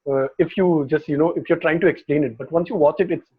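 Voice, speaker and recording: A man's voice: a little high, quick pace, husky. A man co-hosting a film podcast, chatting casually and rambling through his thoughts. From India. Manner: rambling, restarts mid-thought. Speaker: podcast co-host. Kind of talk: casual chat about films and TV. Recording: tinny phone-like call line.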